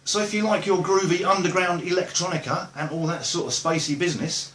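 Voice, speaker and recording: A man's voice: sits high, fairly even intonation, fairly quick, over music. Rambling, jokey Essex man in an echoey room. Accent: Essex English. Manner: jokey, rambling, lots of fillers and asides. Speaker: musician vlogger. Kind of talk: casual rambling chat to camera.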